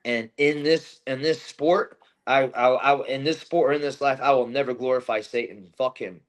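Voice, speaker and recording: A man who fights bare-knuckle, speaking in a loose post-fight interview. His talk is intense and full of swearing, broken up by fillers and false starts. His voice sits at an ordinary middle pitch. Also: fairly even intonation, normal speed. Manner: intense, profane trash talk with many fillers and restarts.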